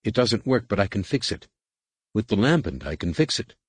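A man's voice: fairly low pitch, very animated, normal speed, husky, dry recording. A man voicing a tense young male Jedi in disguise, speaking urgently.

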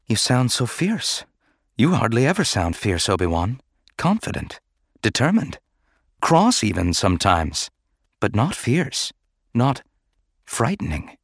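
A man voicing a composed young woman senator who is quietly grieving, soft and restrained. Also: medium pitch, sing-song, measured pace, long pauses, breathy edge, dry recording, clean studio sound, heavily acted. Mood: wondering.

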